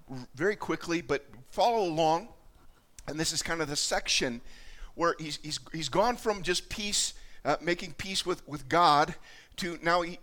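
Earnest pastor preaching, halting and repetitive. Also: male voice, on the high side, sharp tone. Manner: earnest, halting, many restarts and repeated words. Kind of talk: sermon with spoken prayer.

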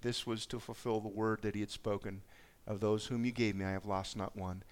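A man's voice: on the low side, level tone, a little fast, smooth. A man preaching a sermon, reading scripture aloud and reflecting on it in a conversational way. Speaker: pastor.

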